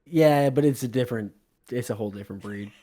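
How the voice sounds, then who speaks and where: A young man co-hosting a music podcast, playful and excitable, laughing often in casual chat. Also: mid-range voice, fast talker. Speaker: podcast co-host.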